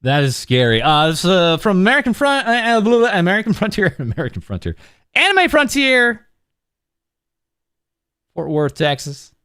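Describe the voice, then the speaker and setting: A man's voice: high-pitched, huge pitch swings, normal speed, long pauses, pushed and bright, clean tone, dry recording, studio quality. A man casually commenting over clips as host of a news show, rambling with many uhs. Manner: rambling, full of uhs and laughs.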